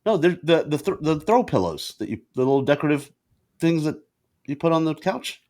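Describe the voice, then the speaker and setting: A man co-hosting a podcast, telling stories in animated casual banter and laughing often, recorded over a video call. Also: a little high, fairly quick. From Indian family. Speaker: podcast co-host. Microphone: video call with ring light.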